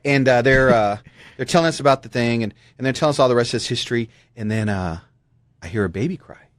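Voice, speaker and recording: A man's voice: mid-range voice, fast talker, no echo, studio quality. A man hosting a casual radio talk show, telling a rambling story and laughing often. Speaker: host.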